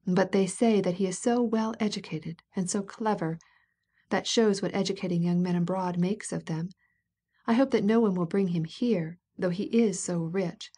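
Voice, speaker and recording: A woman's voice: lowish voice, normal speed, warm tone, husky. A woman reader voicing a gossiping society lady who talks in scandalized, sarcastic exclamations. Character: gossiping indignant society lady, middle-aged.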